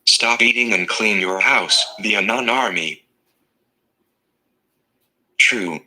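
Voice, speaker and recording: This is a synthetic male voice that reads viewer messages aloud. It keeps a flat, evenly paced machine delivery. The tone sits a little low and sounds very bright and sharp. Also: slow pace, low-quality recording. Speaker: text-to-speech reader of viewer messages.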